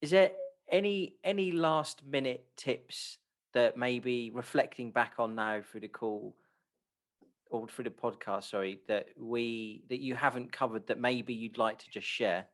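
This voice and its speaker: A man hosting a podcast on a video call, chatty and quick to laugh. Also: medium pitch, fairly even intonation, a bit bright. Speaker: podcast host. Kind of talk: casual podcast interview.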